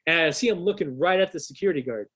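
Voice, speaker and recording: Swearing storyteller man, fairly high voice. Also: lively intonation, racing, fairly bright tone. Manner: profane, rambling anecdote with frequent restarts. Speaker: podcast guest and rock musician. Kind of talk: casual storytelling on a podcast.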